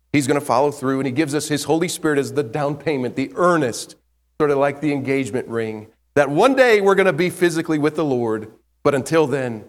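A male preacher delivers an emphatic sermon, his fairly high voice climbing in pitch and loudness whenever he stresses a point. He often repeats words for effect. The sound carries the long reverb of a large hall. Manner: emphatic, swells in pitch and volume on key points. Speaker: pastor.

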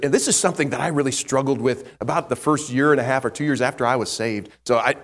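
A man preaching a sermon, building emphasis with rising pitch and volume and repeating words to drive points home. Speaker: pastor. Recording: long hall reverb.

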